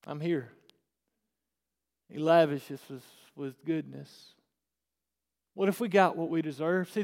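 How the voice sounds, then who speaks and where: A male pastor preaching a sermon, swinging between hushed and shouted passages. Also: on the high side. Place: church sanctuary. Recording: echoey church hall.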